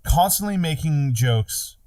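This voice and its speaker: A man's voice: fairly high pitch, animated, slow pace, darkish tone. Laughing, swearing man in casual podcast chat. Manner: laughs easily, swears freely, acts out jokes.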